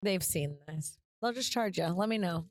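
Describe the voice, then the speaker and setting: A woman guesting on a road-trip podcast, blunt and wisecracking with deadpan jabs. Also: fairly low pitch, moderate pace, slight background noise. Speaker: comedian guest. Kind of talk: casual chat on a road trip. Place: inside a moving car.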